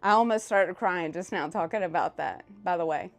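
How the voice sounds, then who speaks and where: This South Louisiana woman streams live with a lowish voice and a Louisiana accent. Her chat is casual and meandering, full of excitement and quick profanity.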